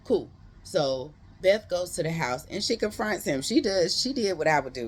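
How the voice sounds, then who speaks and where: A book reviewer giving a casual, animated retelling of a novel's plot, full of slangy asides to viewers. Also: mid-range voice, normal speed, slightly rough. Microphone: close.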